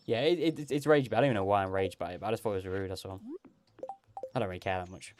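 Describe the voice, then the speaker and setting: A man's voice: low-pitched, racing, darkish tone, slight background noise. A man live-streaming a video game, chatting casually and rambling while reading chat. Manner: rambling, chatty, laughs often, reads out chat.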